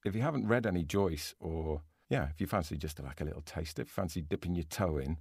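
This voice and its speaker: A deep-voiced man co-hosting a podcast, talking things through casually and loosely. He restarts his sentences often as he thinks aloud. The recording is dry and close. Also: quick pace, gravelly, darkish tone, breathy edge, no echo. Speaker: podcast co-host. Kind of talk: casual chat.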